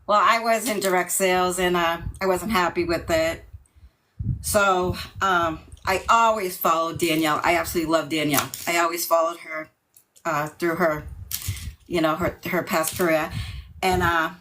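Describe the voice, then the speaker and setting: A middle-aged woman from Massachusetts, talking about herself in a video call interview, nervous and emotional, with many ums and pauses. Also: fairly low pitch, fairly even intonation, pushed and bright, a little hiss or hum, low-quality recording. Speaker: team member.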